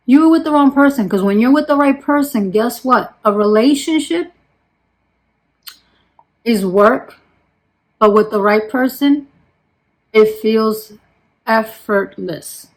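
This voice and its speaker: A woman beauty vlogger chatting casually as she applies makeup, stressing her points with slow repetition and dropping to a quiet murmur when she turns to her products. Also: a little high, rough recording. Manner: emphatic, repeats points, slows down for emphasis. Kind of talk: casual chat while doing makeup.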